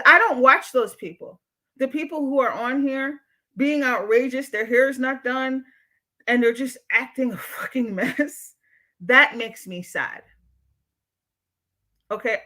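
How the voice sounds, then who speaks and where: On her livestream, a therapist reads out chat comments and lectures viewers, speaking bluntly and swearing freely. Her voice is high, pushed and bright.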